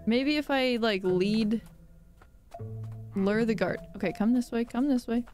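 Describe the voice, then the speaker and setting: A woman's voice: a little high, a little slow, over music. A woman streamer giving casual, giggly, exclaiming commentary while playing a game.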